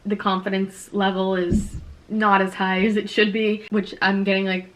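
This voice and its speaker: A woman's voice: mid-range voice, flat delivery, a little slow, a bit bright. Chatty young woman vlogging. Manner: chatty, lots of "like", emotional and open. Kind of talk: casual talk to camera.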